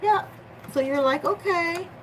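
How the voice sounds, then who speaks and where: A woman's voice: mid-range voice, lively intonation, slow, slight background noise, low-quality recording. A woman doing a casual tarot reading vlog, playful and slangy, joking with her viewers. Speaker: tarot reader.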